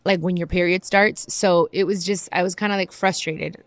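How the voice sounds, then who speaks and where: A woman's voice: on the low side, steady tone, moderate pace, no room sound, studio quality. A woman hosting a podcast, telling a personal story in a candid, casual way, talking straight to her listeners and acting out the people she quotes. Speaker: podcast host.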